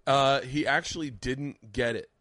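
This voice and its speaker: A male comedian telling a wild story on a podcast, swearing freely and breaking into loud laughter. His voice sits at an ordinary middle pitch. The sound is dry and close, with no room around it. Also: unhurried, dry recording. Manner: profane, animated storyteller, loud bursts of laughter. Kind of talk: casual storytelling chat.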